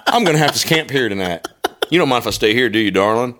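A man's voice: mid-range voice, expressive, quick pace, fairly bright tone, close to an everyday voice. A man voicing a cocky tow truck driver who talks in a smarmy, teasing way. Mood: smug.

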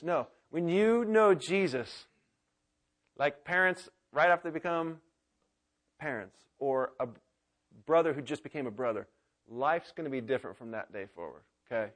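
A man in his thirties delivers a sermon with fervor, his voice sitting a little higher than most men's. He builds to loud, excited exclamations, then drops to a hushed, quiet tone for prayer. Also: moderate pace. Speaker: pastor.

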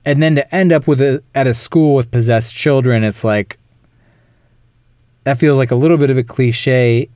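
A man's voice: medium pitch, clear, resonant tone, no room sound, clean studio sound. A man co-hosting a podcast, chatting casually about a film and acting out lines from it. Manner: animated, mimics characters in quick asides. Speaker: podcast co-host.

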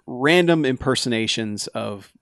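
Casual podcast guy, mid-pitched, wry, dry close recording. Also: animated, unhurried, fairly bright tone, dry recording. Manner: wry, retells scenes with quoted lines. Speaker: podcast co-host. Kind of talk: casual movie-review chat.

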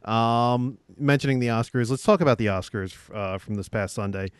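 A man's voice: medium pitch, normal speed, clear, resonant tone, no echo. A man hosting a casual comedy podcast, stammering and laughing as he guides the chat. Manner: stammering, apologetic, laughs often. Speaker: podcast host.

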